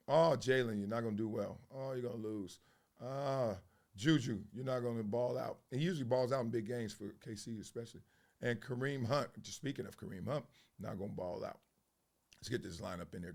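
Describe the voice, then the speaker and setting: Hosting a sports commentary show, this man talks loosely with slang and frequent laughs, his casual monologue eventually turning into a rap. His voice sits in the mid range and has a creaky quality.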